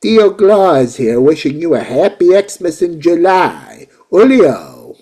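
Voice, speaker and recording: A man voicing Tio Claus, a cheerful mustached Santa figure who greets everyone with a booming welcome in a put-on Latino accent. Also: sing-song, takes it slowly, dark tone, slightly rough, heavily acted. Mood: jolly. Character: jolly mustached Mexican Santa cousin, male.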